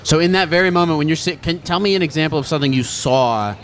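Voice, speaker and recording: A man's voice: on the high side, quick pace, slight background noise. Blunt, curious man interviewing on a street. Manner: blunt, curious, swears casually. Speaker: street interviewer playing a gecko. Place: outdoors on a city street.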